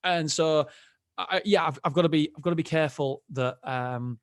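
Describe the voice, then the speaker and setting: A man's voice: fairly high pitch, moderate pace, dry recording, studio quality. Rambling man hosting a solo podcast. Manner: rambling, candid, self-interrupting with frequent restarts. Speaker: podcast host. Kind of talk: solo casual podcast monologue.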